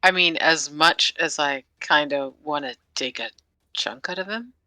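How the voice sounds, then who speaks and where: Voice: medium pitch, measured pace, sharp tone, dry recording. A player in a tabletop game, talking casually and dropping wry, joking asides.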